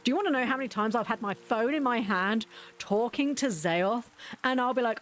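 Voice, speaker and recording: A woman's voice: a little high, a little fast. A woman talks casually to her live chat, spinning stories about her home life. Her tone is chatty and self-mocking. Faint music sits under her voice. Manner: chatty, self-deprecating, storytelling. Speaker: livestreamer.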